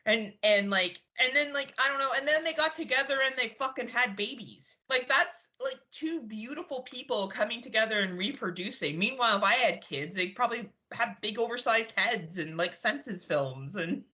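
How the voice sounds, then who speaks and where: Co-hosting a podcast, a woman from Canada speaks at a moderate pace with hardly any pauses, her voice on the high side, expressive and sharp. She laughs, swears and rambles through casual banter.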